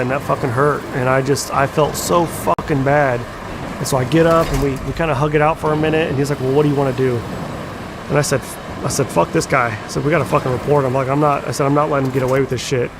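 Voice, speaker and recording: A young man telling a painful personal story in a halting, candid way, with repeated words, fillers and swearing. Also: on the high side. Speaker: storyteller sharing a personal account. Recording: clear background engine noise.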